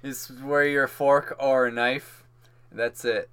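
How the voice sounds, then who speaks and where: A man's voice: mid-range voice, little pitch movement, slow, fairly bright tone, smooth. A man in joking casual chat with a friend, riffing on goofy absurd bits.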